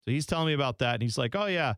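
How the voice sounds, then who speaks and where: A man's voice: medium pitch, very fast, clean tone, dry recording, clean studio sound. A man co-hosting a soccer podcast in casual chat, telling stories and slipping into goofy voices. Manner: animated storyteller, does goofy voices for others. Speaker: podcast co-host.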